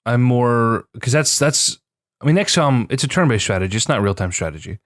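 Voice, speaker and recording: A young man chatting on a podcast, recorded close and dry with no room sound. He reacts quickly and animatedly, tossing in casual swears. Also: medium pitch, animated, dry recording. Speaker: podcast co-host. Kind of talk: casual chat.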